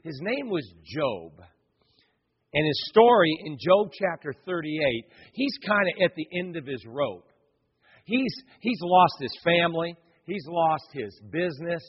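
A man's voice: on the high side, lively intonation, a little slow, breathy edge. Pastor guy preaching, chatty, lots of questions to the crowd, long echo in a church, muffled sound. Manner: conversational, asks many rhetorical questions. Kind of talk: sermon. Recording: long reverb, dull lo-fi sound.

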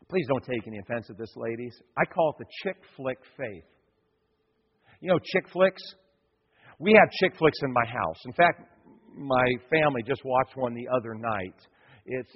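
Husky-voiced man preaching a sermon. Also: mid-range voice, long reverb tail, muffled recording. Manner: folksy, repeats himself, acts out quotes. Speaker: pastor. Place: church.

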